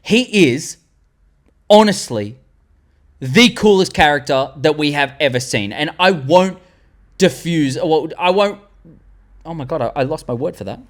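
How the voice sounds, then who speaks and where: A young Australian man in his twenties, hosting a fan tier-list vlog and rambling excitedly with the odd swear word. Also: fairly high pitch, a little slow, pauses often. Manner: animated, rambling, swearing, loses words mid-sentence. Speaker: channel host.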